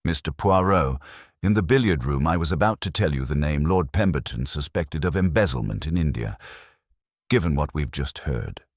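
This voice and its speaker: A grave, composed army major, read by a man. The voice is very deep and husky, close and dry. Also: expressive, moderate pace, no room sound.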